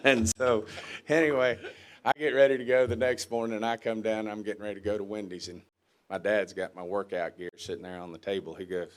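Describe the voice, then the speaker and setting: A man with a drawl tells a long anecdote to a club crowd. His voice sits lowish, and he acts out every quoted line. He breaks into his own laughter along the way. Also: fairly even intonation, brisk, fairly bright tone. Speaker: guest speaker. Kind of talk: storytelling speech.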